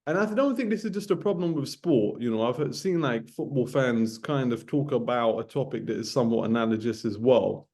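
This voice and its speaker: Speaking fairly quickly with few pauses, this man in his late thirties vlogs about boxing in a loose ranting monologue to camera. His medium-pitched, darkish voice has lively intonation, and he hammers points by repeating them, tagging lines with "man" and "bro."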